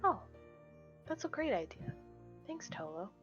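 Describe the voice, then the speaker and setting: A woman player with a bright, fairly high voice who talks hesitantly and apologizes often. Her recording sounds slightly dull, and quiet music plays behind her. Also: big pitch swings, a little slow. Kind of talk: casual tabletop role-play.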